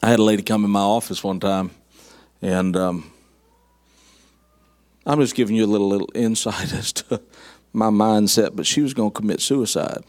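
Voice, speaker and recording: A man's voice: on the low side, moderate pace, pauses often, a little mellow. A middle-aged man, preaching a sermon in a folksy, storytelling way with dry humor. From southern United States. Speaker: guest preacher.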